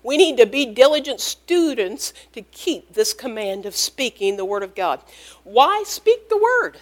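High-voiced woman preaching with emphasis. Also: moderate pace. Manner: emphatic, repeats key phrases, calls out amen. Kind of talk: sermon.

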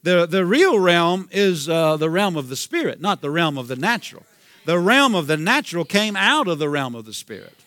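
A man's voice: sits high, very animated, normal speed, fairly bright tone, dry recording. Fervent Southern-sounding male preacher. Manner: fervent, repeats himself, calls out hallelujah. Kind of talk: sermon.

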